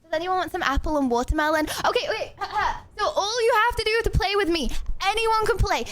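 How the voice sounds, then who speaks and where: A young English woman streaming a game, chatting bubbly and fast with lots of fillers and giggles. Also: very high-pitched, lively intonation, a bit bright. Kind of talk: casual live-stream chatter.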